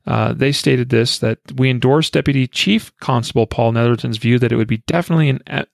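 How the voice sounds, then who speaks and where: A man's voice: medium pitch, creaky, no room sound, clean studio sound. An American man hosting a podcast, reading news quotes aloud and commenting, with frequent fillers and restarts. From United States. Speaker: podcast host.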